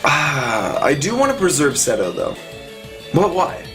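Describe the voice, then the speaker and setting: A young man giving chatty, excitable live commentary on his own gameplay, talking through each move. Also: fairly high pitch, measured pace, over music. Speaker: gaming commentator.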